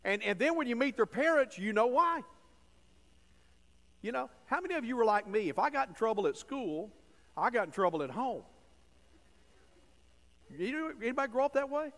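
A man's voice: very animated, moderate pace, long pauses. Folksy preaching man, long church reverb. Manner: folksy, emphatic preaching that swings from low asides to loud stressed phrases. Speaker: pastor. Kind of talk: sermon. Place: church sanctuary.

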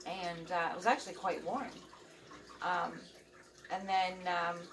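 A woman's voice: fairly low pitch, steady tone, unhurried, fairly bright tone. A middle-aged woman hosting a vlog in casual chat, rambling along with lots of ums and uhs. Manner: rambling and chatty, with many fillers. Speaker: vlog host. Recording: distant mic with running water noise.

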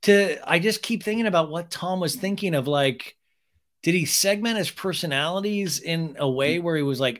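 A man hosting a podcast, recapping a reality show in animated, gossipy commentary. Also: fairly high pitch, moderate pace. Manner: animated and gossipy, with frequent restarts. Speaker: podcast host.

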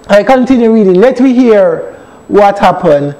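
A man's voice: very high voice, expressive, normal speed, warm tone, poor audio. A man with a Jamaican accent leading a Bible study as a church elder, teaching earnestly, reading scripture aloud and often asking whether his listeners understand.

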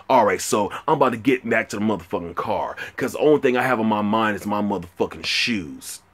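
A young man telling a loud, profane, boastful comedy rant. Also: on the low side, a little fast, hardly any pauses, slightly rough. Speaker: comedy vlogger.

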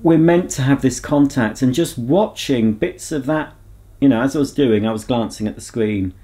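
A man's voice: medium pitch, normal speed, warm tone. A man vlogging in a casual, rambling chat to camera, talking candidly and reflecting on himself.

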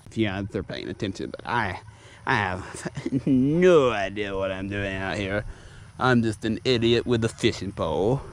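A man's voice: on the low side, sing-song, moderate pace, a little hiss or hum. A man from Louisiana with a Louisiana accent, vlogging outdoors while fishing and joking in a goofy, self-mocking way. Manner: goofy, self-mocking, talks to snakes in a sing-song voice. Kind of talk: casual vlog talk to camera. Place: outdoors by the water.

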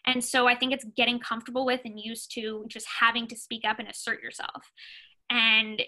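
A woman's voice: a little high, flat delivery, normal speed, sharp tone, rough recording. A young woman talking casually as a podcast guest, with many fillers like "you know" and "like". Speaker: sports agent, podcast guest. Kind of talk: casual interview talk.

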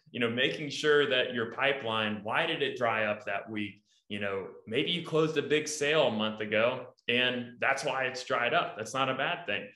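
A man co-hosting a podcast, giving animated, emphatic advice in numbered points. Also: mid-range voice. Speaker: podcast co-host. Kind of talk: casual podcast talk. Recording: echoey room.

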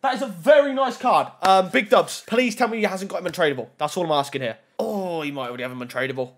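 A young man commentating on opening video game card packs, reacting loudly and excitedly to each card. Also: high voice, fast, a little hiss or hum. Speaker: gaming YouTuber.

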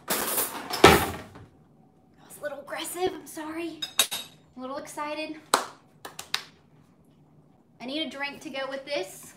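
A young woman hosts a cooking livestream from her home kitchen, her phone on a tripod, chatting bubbly to viewers and her dog. Her high voice moves slowly with many pauses over heavy background noise.

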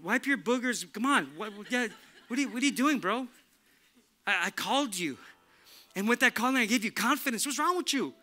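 A pastor putting on the voice of an exasperated God who scolds a crying man in blunt, mocking street slang and fires the same question again and again. The voice sits higher than his speaking voice and sounds sharp and very bright. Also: expressive, fairly quick, heavily acted. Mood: scolding.

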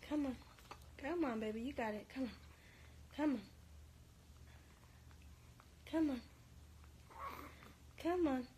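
A woman livestreaming at home with her baby, coaxing her in gentle baby talk and openly emotional. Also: high voice, slow, long pauses, slight background noise. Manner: emotional, easily moved. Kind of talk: casual live stream talk.

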